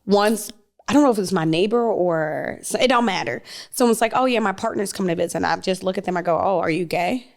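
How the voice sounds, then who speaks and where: A woman's voice: mid-range voice, fast, vocal fry. Blunt, teasing woman podcast co-host. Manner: blunt and teasing, swears casually. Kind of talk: casual chat.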